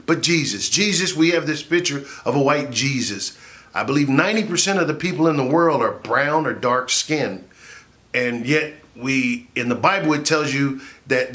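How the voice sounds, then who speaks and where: A man, a comedian and laugh therapist, giving an animated, jokey motivational talk that rises into shouts for effect. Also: a little high.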